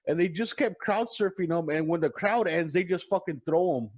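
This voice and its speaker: A man's voice: high-pitched, normal speed, a little mellow. A man hosting a podcast, telling loose stories in casual chat and swearing freely. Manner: loose storytelling, swears freely, acts out crowd voices. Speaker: podcast host.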